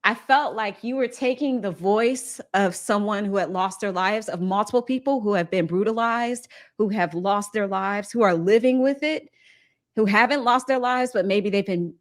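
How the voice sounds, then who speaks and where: A woman's voice: medium pitch, moderate pace. A woman from Ohio hosting an interview, talking earnestly and with feeling, trying not to cry. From Ohio, USA. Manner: earnest and heartfelt, holding back tears. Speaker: host. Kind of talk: emotional interview chat.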